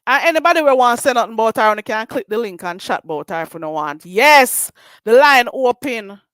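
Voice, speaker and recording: A Jamaican-accented woman with a fairly high voice rants on a live stream, confrontational and mocking. She slips into patois as she talks. The sound is dry and close, with no room echo. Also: animated, fairly quick, a bit bright, clean tone. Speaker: livestreamer. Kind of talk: heated live-stream rant.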